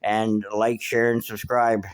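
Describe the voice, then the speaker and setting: A man's voice: fairly low pitch, little pitch movement, slow, clean tone. A man hosting a podcast, telling a rambling street story with lots of swearing and fillers. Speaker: podcast host. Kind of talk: casual storytelling monologue.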